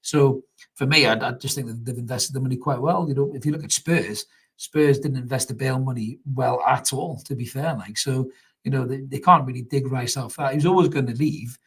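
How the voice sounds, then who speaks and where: A man's voice: medium pitch, brisk, husky. A young man hosts a live football reaction stream, chatting casually, laughing often and reading out viewer comments. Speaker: fan channel host.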